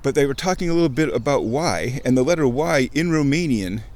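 A man talking in a rambling, excitable casual monologue while walking outdoors by a creek, interrupting himself and swearing casually. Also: mid-range voice, brisk. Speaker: vlogger.

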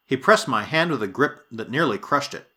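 A man narrating an adventure story in a dramatic, expressive reading style. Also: medium pitch, moderate pace. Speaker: audiobook narrator. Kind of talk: scripted narration.

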